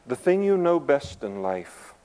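Mellow-voiced man preaching a sermon. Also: medium pitch, sing-song, unhurried, clear, resonant tone, poor audio. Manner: emphatic, conversational asides, swings between quiet and loud. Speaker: pastor.

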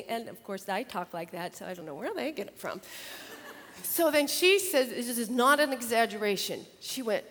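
An older woman with a fairly high voice tells homely stories about her grandchildren, then moves into a Bible lesson. She talks in a chatty, animated way and acts out the children's lines. Her voice carries a long reverb, as in a hall. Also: moderate pace. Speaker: Bible study teacher. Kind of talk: casual storytelling and Bible lesson.

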